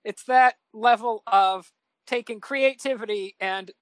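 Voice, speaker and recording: A man's voice: high voice, unhurried, a bit bright, no echo. A man chatting as a podcast guest, rambling with many hesitations and self-deprecating humor. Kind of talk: casual podcast chat.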